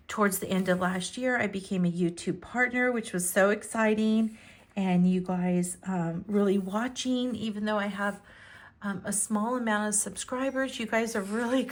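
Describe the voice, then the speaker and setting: A middle-aged woman chatting casually to her viewers about her journals, speaking gently and softly, rambling a little with fillers. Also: medium pitch. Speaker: planner and journaling vlogger.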